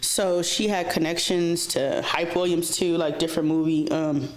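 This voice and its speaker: A woman's voice: lowish voice, steady tone, normal speed. A woman talking through her own stories as a guest, plain-spoken and profane. Her talk is full of casual fillers, and she sometimes sinks to a near-whisper for effect. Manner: frank and profane, many fillers like "like" and "um". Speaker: interview guest. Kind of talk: casual storytelling. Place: office.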